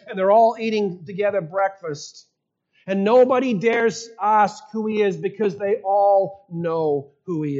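A man preaching a sermon, telling a story earnestly and often dropping to soft, low tones for emphasis. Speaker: pastor. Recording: dull, slightly lo-fi sound.

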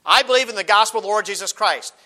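A man with a high, bright voice preaches a sermon. He reads old scripture verses and presses his points by repeating them. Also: rapid-fire. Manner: emphatic, repeats key phrases, quotes King James scripture.

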